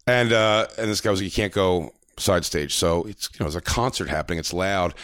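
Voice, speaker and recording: A low-voiced man with a fairly bright tone co-hosts a podcast, briskly telling a long, rambling story in casual chat. He uses lots of fillers and acts out quoted lines. The recording is dry and studio-clean.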